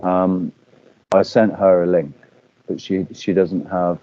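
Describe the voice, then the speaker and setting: A man's voice: low voice, steady tone, slow, dark tone, highs cut off. A man chatting casually as a guest on a video call, rambling with fillers and restarts.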